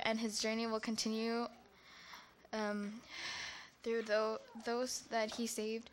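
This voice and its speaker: A woman's voice: a little high, a little hiss or hum. A young woman reading out a memorial tribute on her mother's behalf, carefully and with small stumbles. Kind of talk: memorial tribute read aloud.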